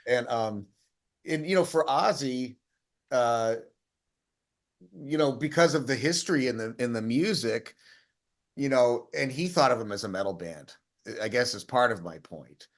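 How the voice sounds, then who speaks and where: A man's voice: mid-range voice, lively intonation, a little slow, pauses often. A man co-hosting a casual chat, telling stories in a rambling way with many restarts. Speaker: co-host.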